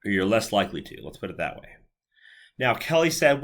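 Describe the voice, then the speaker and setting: A man lecturing on psychology in a relaxed, conversational way, walking through examples step by step and checking in with his listeners. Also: on the low side, fairly quick. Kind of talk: recorded university lecture.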